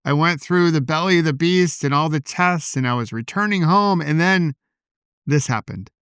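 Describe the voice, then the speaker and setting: Man, podcast host, reflective solo talk, calm and personal, dry close mic. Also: a little high, normal speed, smooth, no echo. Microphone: podcast microphone.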